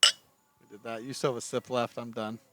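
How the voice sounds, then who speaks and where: A man's voice: medium pitch, flat delivery, moderate pace, heavy background noise. Rambling man on a porch podcast. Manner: rambling, hesitant, self-correcting. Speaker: podcast co-host. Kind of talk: casual chat. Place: back porch at night.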